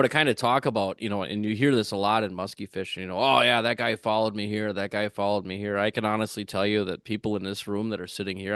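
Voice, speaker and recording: A man telling a rambling fishing-tournament story on a podcast, with lots of fillers and restarts, getting animated when he acts out what others said. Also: on the low side, no room sound, studio quality. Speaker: tournament angler guest.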